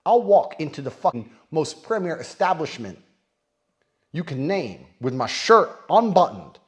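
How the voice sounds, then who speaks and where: Cocky male personality in his thirties, high animated voice, loud bragging rant. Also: unhurried. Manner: brash, profane, loud and taunting. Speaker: public personality. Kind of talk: boastful rant.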